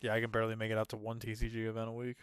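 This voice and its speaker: A man co-hosting a casual podcast chat, steering the talk to new topics and quick to apologize. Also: fairly low pitch, completely flat delivery, clean tone, no echo, studio quality. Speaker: podcast co-host leading segments.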